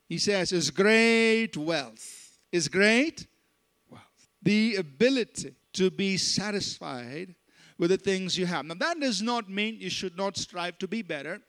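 High-voiced man preaching a sermon. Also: a bit bright. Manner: emphatic preaching, slows down on scripture, asks congregation to respond. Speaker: pastor.

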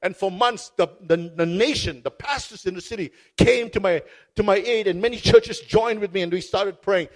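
A man with a high voice preaches from a stage. He tells his story with fervor and drives his points home by repeating phrases. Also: moderate pace. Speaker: pastor. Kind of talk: sermon. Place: stage before a congregation.

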